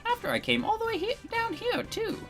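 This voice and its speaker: A man's voice: very high-pitched, big pitch swings, a little fast, vocal fry, music in the background, heavily acted. A man voicing an overbearing middle-aged mother who scolds in a self-righteous way. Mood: scolding.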